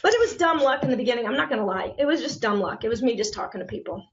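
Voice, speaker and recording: A woman real estate agent chatting on a podcast, animated and quick to laugh, acting out the lines she quotes. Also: on the high side, a little hiss or hum. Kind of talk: casual podcast conversation. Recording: muffled lo-fi audio.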